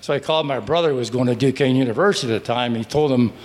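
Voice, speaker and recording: An older veteran from Pittsburgh, speaking at a mid pitch, tells his service memories to a room of listeners at a restaurant. His talk wanders and stalls, full of fillers, restarts and loose asides. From Pittsburgh, Pennsylvania. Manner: rambling, halting, with many restarts and fillers. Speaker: veteran telling stories. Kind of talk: live storytelling at a breakfast gathering.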